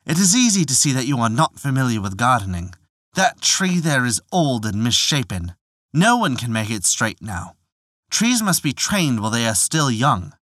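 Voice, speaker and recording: A man's voice: medium pitch, very animated, moderate pace, a bit bright, dry recording, clean studio sound. A man voicing an old peasant father, earnest and old-fashioned in his speech.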